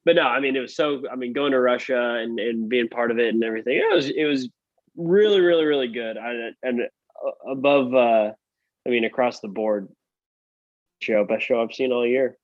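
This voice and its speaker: A man co-hosting a casual podcast, speaking haltingly with many restarts. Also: medium pitch, no echo, highs cut off. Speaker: podcast co-host. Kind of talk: casual chat.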